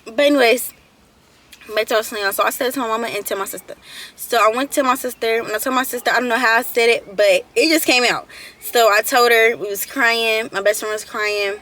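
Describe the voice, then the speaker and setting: A teenage woman tells her story to camera in a loose, chatty storytime style. Her voice sits a little high and rings bright. She keeps circling back over the same point and talks to her viewers as y'all. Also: fairly even intonation, fairly quick. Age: late teens. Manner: chatty, addresses viewers as y'all, repeats herself. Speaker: vlogger. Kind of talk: storytime vlog.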